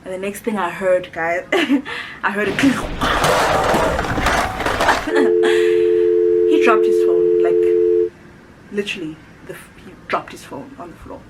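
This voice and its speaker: A woman's voice: mid-range voice, slow pace, noisy background. A woman in her late twenties from South Africa, heavily pregnant, chatting animatedly to her viewers and acting out quotes. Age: 20s. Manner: animated, chatty, laughs often, acts out quotes. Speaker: YouTuber. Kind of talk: casual storytelling to camera.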